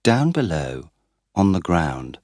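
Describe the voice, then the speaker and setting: Man narrating a learner story, deep voice, lively intonation, slow pace, dry recording. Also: no echo. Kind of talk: graded-reader story narration.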